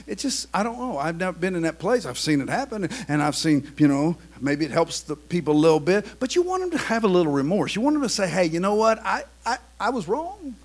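A man preaching a sermon, swinging between quiet, confiding talk and loud, shouted preaching. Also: high voice, big pitch swings, brisk, few pauses.

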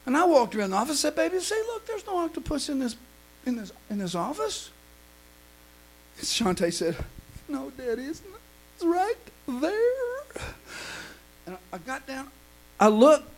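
A pastor preaching a fervent sermon, filling pauses with "uh" and swinging between loud cries and hushed storytelling. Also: male voice, very high-pitched, creaky, low-quality recording.

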